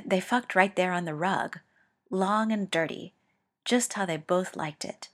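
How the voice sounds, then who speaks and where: A woman reading a story aloud, slowly and with feeling. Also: lowish voice. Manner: slow and expressive. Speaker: reader.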